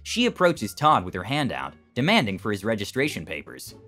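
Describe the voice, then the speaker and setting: A man narrating an online story with expressive delivery. His pitch swings very widely and his tone is bright and forceful, with faint music behind him. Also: fairly quick.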